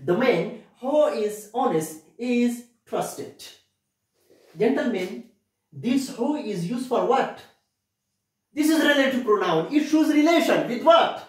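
A man's voice: very high-pitched, lively intonation. Echoey male lecturer, asks "understand?". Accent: Pakistani English. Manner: repetitive, keeps asking "understand?"; switches into quick Urdu asides. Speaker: English lecturer. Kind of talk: classroom grammar lecture. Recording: very echoey room, voice far from mic.

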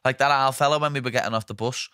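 A young man with a Liverpool Scouse accent hosting a podcast, telling stories in lively, sweary casual chat full of "lad". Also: medium pitch, racing, smooth, no room sound, studio quality. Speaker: podcast host. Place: podcast studio.

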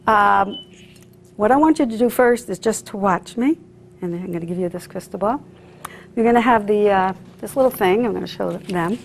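A woman hypnotist leading a live stage demonstration, coaxing volunteers with sing-song repeated phrases. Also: on the high side. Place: room with a live audience.

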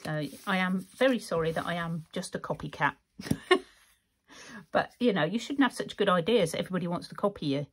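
A woman with a slightly low, husky voice talks her way through a craft project. She rambles in a friendly, chatty way and breaks into laughter often. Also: expressive, fairly quick. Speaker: craft vlogger.

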